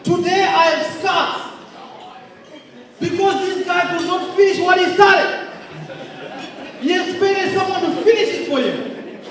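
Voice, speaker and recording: A man giving a motivational speech at an awards event, emphatic and often shouting. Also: very high-pitched, a little slow, pauses often, a faint crowd. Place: large indoor hall. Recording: echoey hall from far off.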